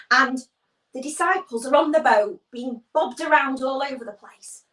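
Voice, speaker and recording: A woman's voice: high-pitched, moderate pace, far from the mic. A woman leading a children's church livestream, animatedly telling a Bible story and greeting viewers from the comments. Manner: animated, acts out voices, reads viewer comments. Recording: echoey room, off-mic.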